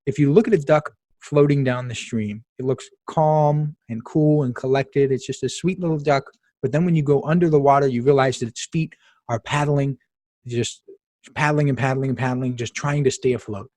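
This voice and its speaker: A man hosting a podcast talks casually and emphatically, telling stories with asides to the listener in a chatty way. His voice is mid-range with a darkish tone and a moderate pace. The recording is dry.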